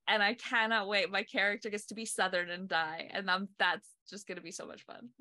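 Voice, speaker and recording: A woman's voice: medium pitch, a little fast, bright, forceful tone, no room sound, clean studio sound. A young woman from North Carolina co-hosting a podcast, chatting casually and laughing often. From North Carolina, USA. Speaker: podcast co-host and horror actress. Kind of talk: casual chat.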